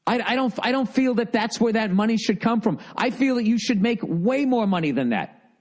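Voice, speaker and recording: A man's voice: extremely high pitch, expressive, fairly quick. A man in his fifties with a Boston accent, ranting profanely and with exasperation as a podcast host reading listener mail.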